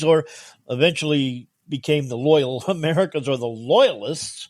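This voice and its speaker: A man as guest co-host in a casual history podcast chat, animated and chuckling mid-sentence. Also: a little high, unhurried, no echo, clean studio sound.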